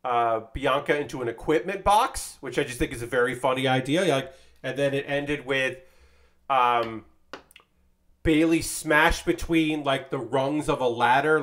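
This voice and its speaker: A man's voice: mid-range voice, a bit bright. A man streaming, casually chatting while he builds a model kit, rambling with lots of fillers and a bit of swearing.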